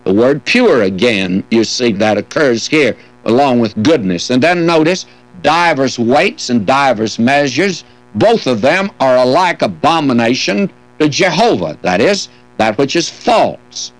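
An older man teaching verse by verse from scripture, reading old King James wording and adding folksy, gently humorous asides. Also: medium pitch, expressive, measured pace, poor audio. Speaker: Bible teacher. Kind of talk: expository Bible teaching.

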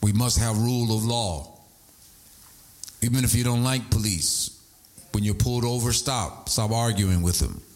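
A man preaching a sermon, animated, breaking into shouts and sing-song emphasis. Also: medium pitch, measured pace, long pauses.

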